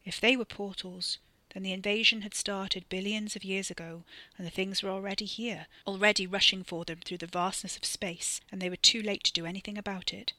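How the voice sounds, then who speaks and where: A woman reading fiction aloud in an expressive storytelling manner. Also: mid-range voice, fairly quick, dry recording. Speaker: audiobook narrator. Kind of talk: scripted narration.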